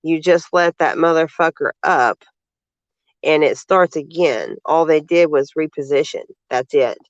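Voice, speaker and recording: A man's voice: fairly high pitch, unhurried, no echo. Sarcastic man reading posts aloud, lo-fi. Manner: sarcastic, indignant. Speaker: vlogger. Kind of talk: reading out social media posts with commentary.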